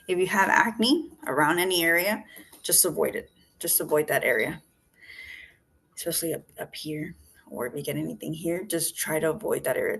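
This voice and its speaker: Calm woman guiding face yoga. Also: deep voice, moderate pace, vocal fry. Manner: calm instructive cues, counting and breathing prompts. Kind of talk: guided face yoga class. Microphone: video call. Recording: video call audio with faint background noise.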